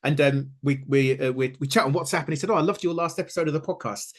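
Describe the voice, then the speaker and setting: A man's voice: fairly high pitch, fast talker. A man hosting a podcast, chatting casually and upbeat with lots of fillers and restarts. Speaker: podcast host. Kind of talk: casual interview chat.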